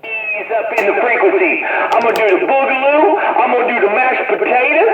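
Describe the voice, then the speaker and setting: A man's voice: very high voice, fairly quick, over loud music. A man bantering over CB radio, chanting calls and laughing between lines. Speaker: CB radio talker. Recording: distant, echoey, noisy tinny radio.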